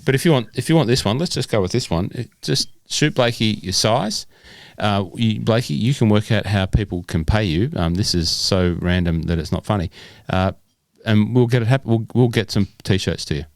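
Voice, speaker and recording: A man's voice: fairly low pitch, moderate pace, vocal fry, dry recording, studio quality. A man co-hosting a casual podcast, joking around and stumbling as he reads questions aloud. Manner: jokey, stumbles and restarts when reading aloud. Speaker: podcast co-host.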